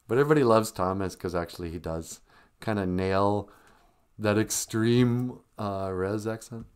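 A man's voice: on the low side, normal speed, smooth. A middle-aged man hosting a live stream in casual chat, full of playful, joking asides.

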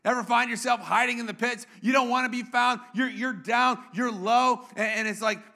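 Male pastor, high bright voice, playful preaching that draws the congregation in. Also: steady tone, normal speed, creaky, few pauses. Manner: playful, engages congregation with questions. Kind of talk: sermon. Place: church.

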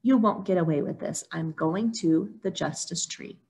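A woman's voice: lowish voice, moderate pace, creaky, a little mellow. A woman voicing a greedy, lazy male spider trickster in a storybook reading, eager and whiny.

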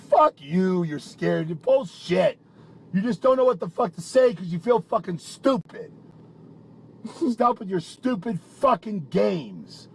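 High-voiced man ranting in anger. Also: sing-song, takes it slowly, vocal fry, pauses often, slight background noise. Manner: angry, profane, ranting and accusing. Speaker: partner in a private argument. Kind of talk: heated private argument.

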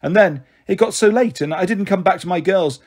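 A man's voice: high-pitched, brisk, voice pushed up. A man voicing a flighty, affectionate young mother in a storybook reading, with a sweet, coaxing manner. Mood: playful.

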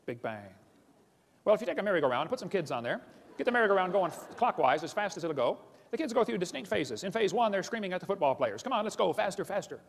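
Fast, mocking man lecturing in a hall. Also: high voice, very animated. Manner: mocking, blunt, repeatedly calls ideas stupid; rapid-fire, addresses audience as boys and girls. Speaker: creationist lecturer. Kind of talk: seminar lecture to an audience.

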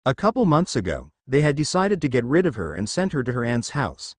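A man's voice: medium pitch, big pitch swings, fairly quick, dry recording, clean studio sound. A man narrating a fanfiction story as an audiobook, reading expressively with occasional small slips.

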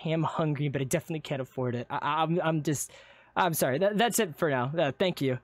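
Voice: mid-range voice, fast talker, no echo. Rambling live streamer with filler words. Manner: rambling, stammering, lots of fillers. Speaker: streamer and player character. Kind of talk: live-streamed game roleplay.

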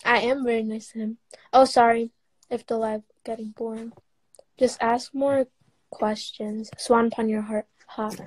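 A woman's voice: a little high, little pitch movement, a little slow, a little mellow. A teenage girl hosting a casual livestream chat on a video call, teasing and giggly. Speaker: livestream host.

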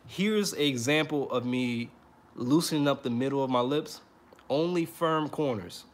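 Talking straight to the camera, a trumpet teacher runs a relaxed, practical lesson in an unhurried, mid-range voice with a little hiss or hum in the recording. He stays upbeat and illustrates points with strained put-on voices.

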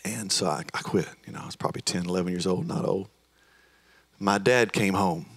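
A man's voice: low voice, brisk, creaky. A male pastor preaching a sermon, telling a story and then building to a fervent call to move forward. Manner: storytelling, rising to fervent exhortation. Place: church sanctuary.

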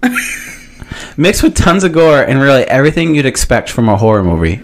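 Laughing, animated man co-hosting a podcast. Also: mid-range voice, normal speed. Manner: joking, laughs often, many fillers. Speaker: podcast co-host. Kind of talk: casual banter. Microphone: close podcast mic.

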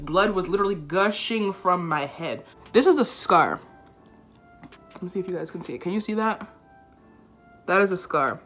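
A woman's voice: fairly low pitch, fairly bright tone. A young woman telling a storytime straight to camera in a casual, chatty way, leaning on "like" as she talks to her viewers. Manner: chatty, says "like" often, speaks straight to viewers. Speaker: vlogger.

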